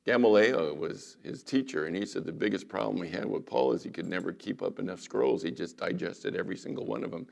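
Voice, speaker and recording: Gravelly male pastor preaching. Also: deep voice, fairly quick, hardly any pauses. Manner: dramatic retelling, drops to a whisper for quotes. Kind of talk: sermon.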